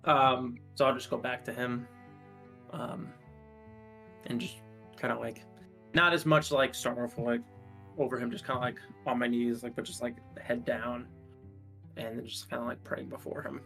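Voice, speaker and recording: A man's voice: medium pitch, steady tone, normal speed, vocal fry, pauses often, pushed and bright, faint music behind. A man hesitantly describing his character in a tabletop game, full of fillers. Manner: hesitant, full of likes and ums. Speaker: player.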